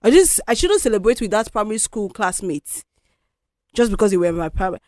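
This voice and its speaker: A woman's voice: medium pitch, big pitch swings, a little fast, darkish tone, no echo, clean studio sound. Candid woman musing on a podcast. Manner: candid, reflective, conversational. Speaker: podcast host. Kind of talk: solo podcast monologue.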